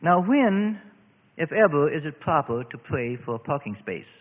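A man's voice: fairly high pitch, normal speed, a little hiss or hum. A man preaching a radio sermon in an earnest, storytelling way, often repeating himself. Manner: earnest, animated storytelling with repetitions. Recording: tinny narrow-band radio broadcast with hall reverb.

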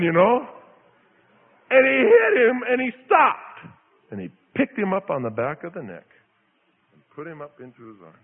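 A man from Idaho preaching a sermon, telling a story in an animated, dramatic way with lots of repetition. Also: very high-pitched, normal speed, slightly rough, big-room sound, narrow, tinny audio. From Idaho, USA.

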